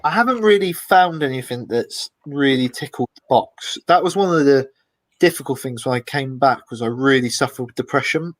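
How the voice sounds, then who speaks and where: A man, the guest in an interview, telling lively anecdotes in a casual way and acting out the voices of people he quotes. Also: medium pitch, moderate pace, no room sound, poor audio. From Britain. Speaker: expedition guest.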